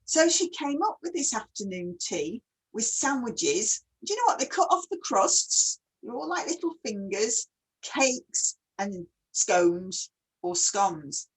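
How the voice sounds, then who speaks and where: A woman's voice: fairly high pitch, sing-song, measured pace, slightly rough, poor audio. A woman hosting a casual online chat, who talks readily and keeps asking her guest questions. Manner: chatty, asks many questions. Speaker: host.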